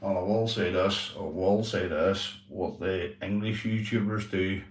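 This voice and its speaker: A man's voice: low-pitched, steady tone, unhurried, reverberant, far from the mic. Earnest man livestreaming. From Northern Ireland. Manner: repetitive, earnest, swears and says "mate" often. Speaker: livestream host. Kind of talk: casual livestream chat.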